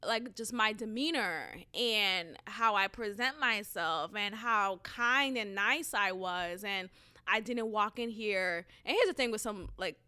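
A woman's voice: medium pitch, unhurried, sharp tone, smooth. A young woman of Haitian background telling a story in a chatty, casual way, laughing often and swearing freely.

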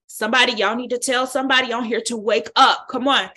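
A woman leading a Bible study, preaching with a lively exhorting style and colloquial speech. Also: a little high, fast, breathy edge. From United States. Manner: exhorting, call-and-response, colloquial.

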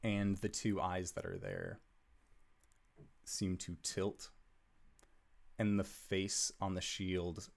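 A man narrating as game master for a tabletop game in a slow, measured, hushed storytelling manner. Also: sits low, very animated, gravelly.

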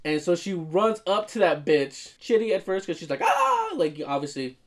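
A man telling a story in casual podcast chat, excitable and swearing constantly. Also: on the high side, moderate pace. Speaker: podcast co-host.

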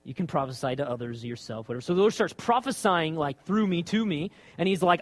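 Animated high-voiced male preacher. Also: fairly quick, few pauses. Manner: animated, acts out his own and God's lines; conversational with rhetorical questions. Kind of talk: sermon.

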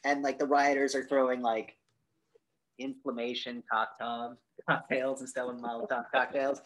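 Guy on a podcast rambling thru a movie recap, swears a lot, does goofy high voices. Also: little pitch movement, moderate pace, fairly bright tone. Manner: rambling, profane, acts out lines in high voices. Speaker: podcast co-host. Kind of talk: casual movie recap chat.

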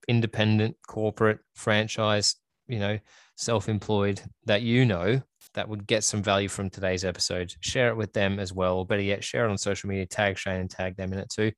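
A hoarse man closes out his podcast in a rambling, earnest, self-deprecating way. His voice sits fairly low and stays flat, with little rise and fall. The sound is dry and close. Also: dry recording. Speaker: podcast host. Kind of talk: solo podcast wrap-up.

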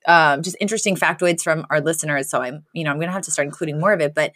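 A woman co-hosting a podcast in a casual chat, chatty and quick to laugh, with lots of "like". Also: low-pitched, a bit bright, no room sound, studio quality. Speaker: podcast co-host.

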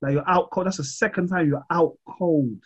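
A man's voice: a little high, moderate pace, muffled recording. A young man, hosting a casual chat and arguing his point in slangy banter.

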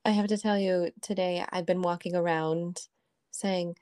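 A woman's voice: lowish voice, fairly even intonation, normal speed, a little mellow, clean tone. A woman in a casual film discussion, weighing her thoughts and laughing easily.

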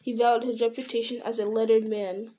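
A woman narrating an audiobook in a calm, steady storytelling manner. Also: on the high side, brisk. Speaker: reader.

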